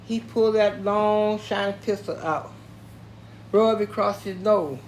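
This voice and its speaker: Slow-spoken older man telling his story. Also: sits high, slight background noise. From Tennessee, US South. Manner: slow, plainspoken, matter-of-fact telling. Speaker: storyteller recounting his life.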